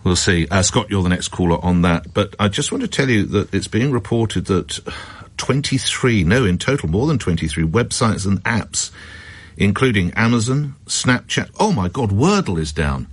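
A man's voice: lowish voice, sing-song, normal speed, breathy edge. A man hosting a radio phone-in show, reading news items and talking with callers, with chatty, wry asides.

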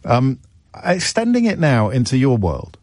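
A man's voice: medium pitch, huge pitch swings, unhurried, darkish tone, no echo, studio quality. A man hosting a radio phone-in, sarcastic and mocking in his commentary.

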